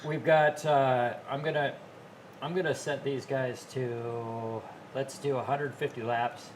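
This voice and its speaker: A man hosting a relaxed live stream, rambling along with plenty of fillers and restarts. His voice sits at an ordinary middle pitch, and steady noise hums behind him throughout. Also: slow pace, rough recording. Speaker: host. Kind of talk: casual live-stream chat.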